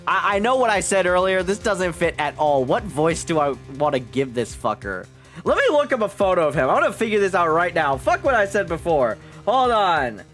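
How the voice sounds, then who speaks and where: A man's voice: sits high, very animated, a little fast, a bit bright, faint music behind. A man streaming a game, chatty and thinking aloud, swearing freely as he works out character voices. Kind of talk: casual game stream commentary.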